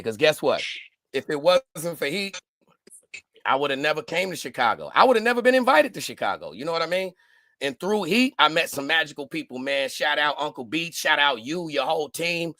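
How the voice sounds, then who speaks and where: A man chatting casually, telling animated stories and acting out the people in them. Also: a little high, fairly quick, no room sound, clean studio sound. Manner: animated storyteller, doing voices. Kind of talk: casual chat.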